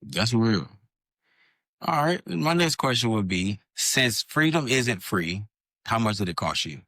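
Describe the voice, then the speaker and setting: Relaxed, low-voiced male podcast host. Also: measured pace, no echo, studio quality. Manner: relaxed, affirming with short backchannels. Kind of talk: casual interview.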